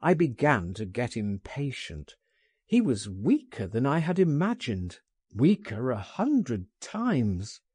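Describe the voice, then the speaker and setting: A man narrating a first-person story as an audiobook in a measured, expressive manner. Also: medium pitch, slightly rough, no echo, clean studio sound.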